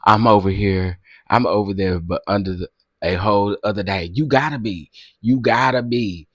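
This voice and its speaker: Guy chatting to his stream, husky, laughs a lot, dry close sound. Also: on the low side, moderate pace, no room sound. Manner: animated, laughs often, addresses chat directly. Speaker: livestream host. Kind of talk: casual livestream chat with viewers.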